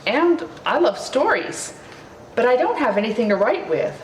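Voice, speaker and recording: A woman's voice: a little high, moderate pace, slight background noise. A woman doing a proud elephant-headed boy god. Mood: earnest. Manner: bright, childlike, expressive. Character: chubby young boy god with an elephant head, greedy and proud. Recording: roomy, distant mic, faint ambience.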